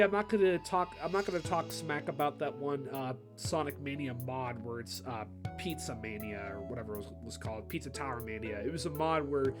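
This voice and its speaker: A young man hosting casual game commentary, rambling with lots of fillers and restarts. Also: medium pitch. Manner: rambling, many fillers and restarts, does quick impressions. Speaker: video host. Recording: background music over the voice.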